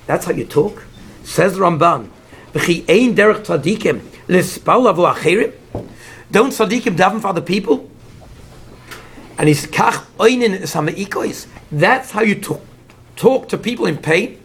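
Husky gravelly guy teaching torah, animated, high voice, drops hebrew words in. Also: normal speed. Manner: animated, acts out the figures in the story; mixes Hebrew terms into English explanation. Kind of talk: Torah lecture.

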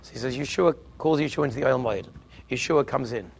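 Creaky-voiced man telling Torah stories. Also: mid-range voice, fast talker. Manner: emphatic, animated storyteller. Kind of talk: Torah lecture storytelling.

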